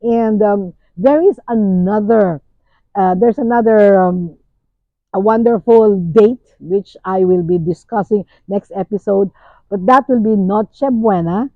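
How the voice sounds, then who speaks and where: Older filipina-born host, unhurried reminiscing, lots of "you know", dry close mic. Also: female voice, medium pitch, no echo. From Philippines. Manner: slow, musing, many fillers. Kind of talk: casual reflective talk. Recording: tinny phone-like sound.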